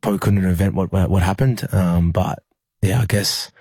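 A man's voice: deep voice, steady tone, normal speed, mellow, slightly rough, dry recording. An Australian man, a rugby league player, recalling a personal story in an interview in a rambling way with many fillers and restarts. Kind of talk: emotional personal recollection in an interview.

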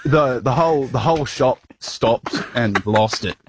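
A man with an Australian accent calling in to tell an animated anecdote. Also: medium pitch, measured pace, slight background noise. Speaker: caller. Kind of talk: phone-in anecdote.

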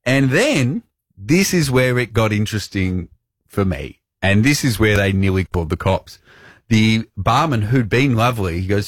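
A man's voice: normal speed, no echo, clean studio sound. A man co-hosting a radio show, telling a story casually, acting out the voices and laughing as he goes. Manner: animated, acts out quotes with shifting pitch.

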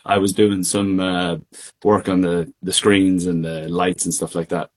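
A man with an Irish accent chats over a remote call as a guest singer. His voice sits on the low side, and he talks in a loose, relaxed way full of fillers and quick laughs. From Ireland. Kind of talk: casual interview chat.

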